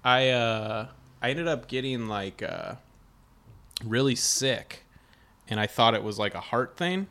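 A man's voice: mid-range voice, lively intonation, measured pace, long pauses, pushed and bright. A man hosting a podcast in casual chat, telling stories with lots of fillers and restarts. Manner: rambling storytelling with many fillers. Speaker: podcast host.

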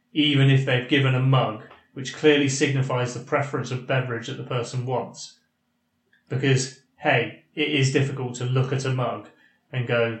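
A man co-hosting a podcast, chatting casually with dry, teasing humour and reading a listener's email aloud. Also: medium pitch. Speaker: podcast co-host. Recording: roomy echo.

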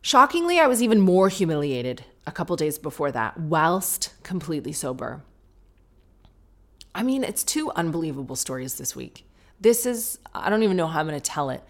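British woman, solo podcast host with a slightly low voice, animated and self-mocking storyteller. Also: normal speed. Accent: British English. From Britain.

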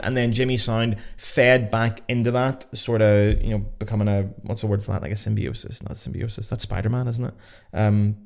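A man with a Northern Irish accent hosting a casual solo podcast, chatty and excitable, swearing freely as he talks. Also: lowish voice. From Northern Ireland. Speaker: podcast host. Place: home.

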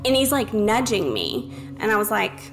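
A woman telling her surrogacy story in conversation, quick and expressive, acting out the lines of the people in it. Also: medium pitch, music in the background. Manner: quick, expressive, acts out quoted dialogue.

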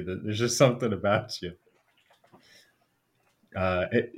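Amused, lower-voiced male player. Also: lively intonation, slow, pauses often, a bit bright. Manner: amused, laughs often. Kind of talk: casual chat in a tabletop game.

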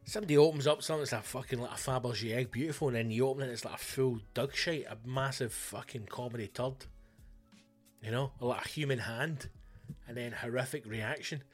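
A man's voice: mid-range voice, brisk, soft background music. A Scottish man, a comedian and podcast host, telling a blunt, ranting comic story full of swearing. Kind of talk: casual comic storytelling monologue.

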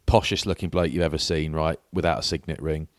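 A man co-hosting a podcast, telling a lively anecdote in casual chat and mimicking the people in it. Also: a bass voice, fast, no echo, clean studio sound. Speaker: podcast co-host.

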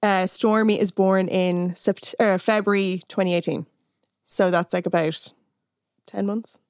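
A young woman talking on a podcast, telling a story with lively asides and acting out the lines of the people she quotes. Her voice sits in the middle of the range for a woman. The sound is dry and close, with no room around it. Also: mid-range voice, unhurried, clear, resonant tone, no echo. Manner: animated recapping, acting out quoted lines, many fillers. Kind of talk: casual podcast chat.

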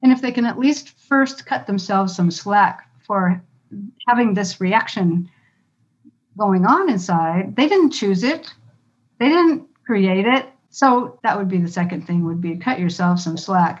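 Woman, stage fright coach, calm, explanatory, reassuring, slightly dull lo-fi audio. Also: medium pitch, unhurried. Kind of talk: guest interview explanation.

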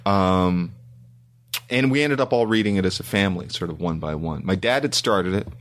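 A man's voice: sits low, normal speed, a bit bright. A middle-aged man from Canada, a screenwriter being interviewed, talking casually and rambling with frequent ums and restarts. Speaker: guest screenwriter.

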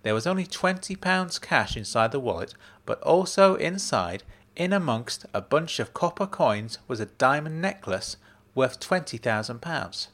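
A man's voice: medium pitch, very animated, measured pace, hardly any pauses, voice pushed up. A man reading a story, voicing a breezy, upbeat woman researcher in a raised, chirpy voice. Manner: bright, chirpy, casual.

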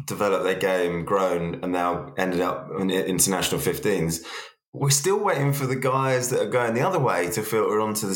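A man co-hosting a casual rugby podcast, relaxed and jokey, with plenty of fillers. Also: fairly low pitch, reverberant. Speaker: podcast co-host.

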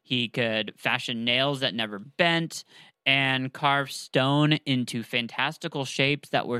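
A man's voice: mid-range voice, slow, pushed and bright, clean tone, dry recording, rough recording. Rambling man retelling a story. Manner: rambling, filler-heavy. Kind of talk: casual storytelling chat.

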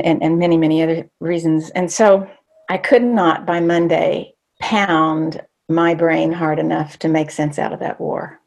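An older woman recounting a memory from her own life, her voice low and touched with a gravelly fry. She talks candidly and reflectively, pausing and restarting as she recalls. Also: a little mellow. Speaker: storyteller. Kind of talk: personal storytelling.

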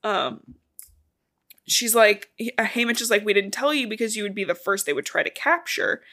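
A female podcast co-host speaks at normal speed, her medium-pitched voice expressive, pushed and bright. She gives an informal, chatty recap of a novel's plot, throwing in the odd swear word.

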